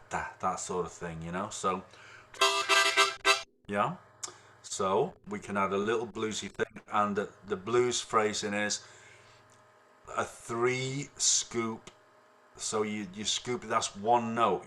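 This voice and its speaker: A man teaching harmonica in an online lesson, explaining in a relaxed, rambling way with many fillers, speaking into a computer microphone. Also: fairly low pitch, slight background noise. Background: harmonica playing.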